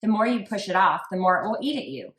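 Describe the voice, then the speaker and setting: A woman who hosts a true crime podcast talks fast in a medium-pitched voice, chatting casually. She reads text messages aloud in a flat tone, tossing in frequent "like" asides, and the recording has a roomy echo.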